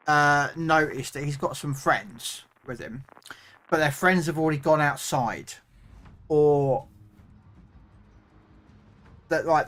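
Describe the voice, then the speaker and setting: A middle-aged British man talks on a game stream in a loose, rambling way. His voice sits a little high for a man, and he keeps stopping and restarting his sentences with plenty of fillers. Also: a bit bright. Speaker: gaming streamer. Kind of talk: casual chat.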